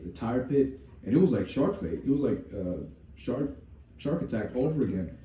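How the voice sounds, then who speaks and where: A man's voice: lowish voice, fast, warm tone. A man co-hosting a podcast, telling a rambling, profane story with many "you know" asides. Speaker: podcast co-host. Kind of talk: casual podcast chat, storytelling. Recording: roomy room, distant mic, faint hum.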